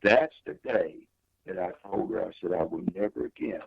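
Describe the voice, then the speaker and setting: A man's voice: moderate pace, vocal fry, slightly rough, no room sound, dull audio. An older man, a guest singer, telling a personal story in an interview with emphatic, swinging delivery. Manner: emphatic testimony with big pitch swings.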